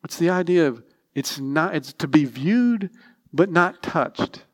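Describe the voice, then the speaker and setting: Guy preaching a sermon, fairly high voice, emphatic, lots of restarts and repeats. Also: animated, takes it slowly. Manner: drops to a soft, near-whispered aside at times. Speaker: pastor.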